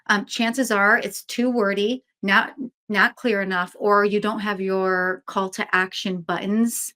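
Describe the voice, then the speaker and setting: A woman co-hosting a casual business webinar, talking chattily with lots of fillers and quick asides. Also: medium pitch, fairly bright tone. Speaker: webinar co-host, website business owner.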